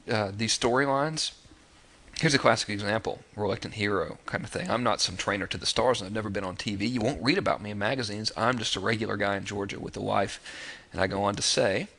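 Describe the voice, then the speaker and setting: Man, thirties, marketing instructor, conversational, fillers and restarts, lowish pitch, bright tone. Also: a little hiss or hum. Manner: conversational, many fillers and restarts, acts out quoted lines. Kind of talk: casual spoken lesson walking through sales letters.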